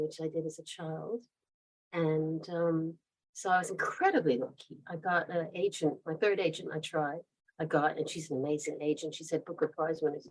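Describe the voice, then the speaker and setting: A woman's voice: sits low, fairly even intonation, normal speed, rough recording. A woman in her fifties with a mid-Atlantic accent between American and British, telling stories in a rambling, chatty way as a guest author and laughing often. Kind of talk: casual interview storytelling.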